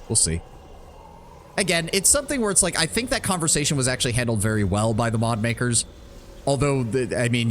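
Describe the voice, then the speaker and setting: A man's voice: mid-range voice, slight background noise. Rambling man streaming a game. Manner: casual, rambling, thinks aloud, swears freely. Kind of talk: live gameplay commentary.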